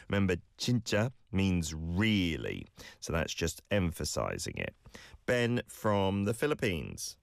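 Male language-podcast host, very deep, dry sound, warm encouragement and patient corrections. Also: huge pitch swings, unhurried, gravelly, no echo. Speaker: language teacher hosting listener clips. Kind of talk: podcast lesson feedback.

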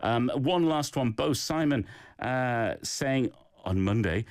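Lively man giving friendly feedback. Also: medium pitch, takes it slowly, no room sound, studio quality. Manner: encouraging, gives feedback on learners' recordings. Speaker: Korean phrase teacher. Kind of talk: casual language lesson.

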